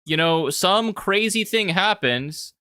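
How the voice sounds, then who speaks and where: A young man talking casually about his own video as a commentator, animated and rambling, with frequent restarts. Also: sits high, takes it slowly, clean tone, no room sound, studio quality. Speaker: YouTube commentator.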